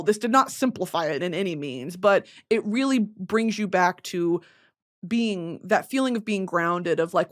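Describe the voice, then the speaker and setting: A young woman host in casual chat about a book, candid and emotional, swearing freely. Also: medium pitch.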